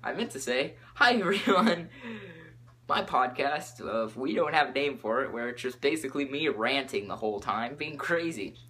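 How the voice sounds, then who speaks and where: A teenage boy hosting his own podcast, rambling excitably from topic to topic with lots of fillers. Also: medium pitch, moderate pace, few pauses. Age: teens. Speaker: podcast host.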